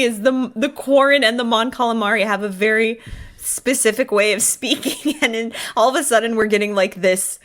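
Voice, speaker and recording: A woman's voice: fairly high pitch, moderate pace, a bit bright. A woman co-hosting a podcast in casual chat, giggling often between remarks. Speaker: podcast co-host.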